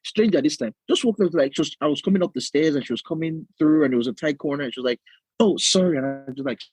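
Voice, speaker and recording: A man with a Nigerian accent, co-hosting a podcast and telling stories in animated casual chat, laughing often and slipping into Nigerian slang. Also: fairly high pitch, very fast, breathy edge, no echo, low-quality recording. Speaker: podcast co-host.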